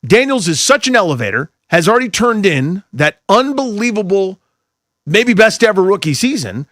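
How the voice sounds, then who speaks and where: A man's voice: sits high, big pitch swings, normal speed, fairly bright tone, no room sound, studio quality. A man co-hosting a sports radio show, riffing on football with exasperated asides. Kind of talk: casual sports talk.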